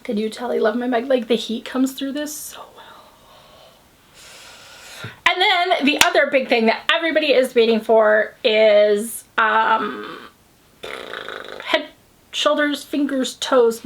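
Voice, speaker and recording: A woman's voice: high voice, fairly bright tone. Chatty American woman with a sweary streak. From United States. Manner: chatty, rambling, sweary, upbeat. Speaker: podcast host. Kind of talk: casual chat.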